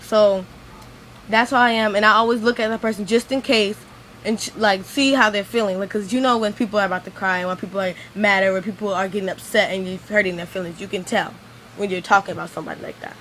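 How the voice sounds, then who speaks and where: Woman vlogger, rambling rant, lots of fillers, mid pitch, slight background noise. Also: steady tone, fast, a bit bright, rough recording. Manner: rambling, venting, heavy use of "like". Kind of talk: ranting vlog monologue.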